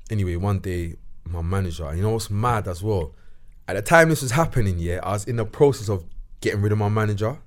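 A young man with a London accent, a guest telling a story in casual chat, with lots of slang and animated retelling. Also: fairly low pitch, fast. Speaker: guest actor.

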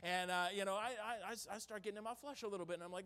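A man who is a traveling evangelist, preaching a sermon in a church in a folksy storytelling way, with loud bursts and hushed stretches. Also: high-pitched, fairly even intonation, racing, hardly any pauses. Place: church sanctuary.

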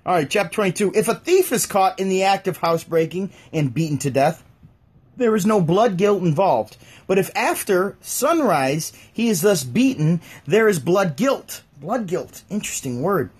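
A woman's voice: fairly low pitch, expressive, normal speed, a little mellow, husky. A woman casually reading scripture aloud on a livestream, breaking off to joke and riff on the text to her chat. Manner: jokey, reads aloud then riffs and mocks the text.

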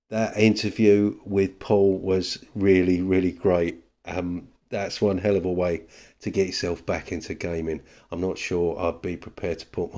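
Male caller with a very low voice and dark, mellow tone, leaving a wry voicemail. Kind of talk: voicemail message.

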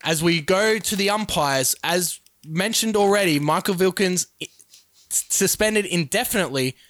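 A man's voice: sits high, normal speed, fairly bright tone, no echo, studio quality. A man doing mock sports commentary for a simulated cricket game in announcer cadence. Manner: announcer cadence, reading out lineups and sponsors. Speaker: play-by-play commentator.

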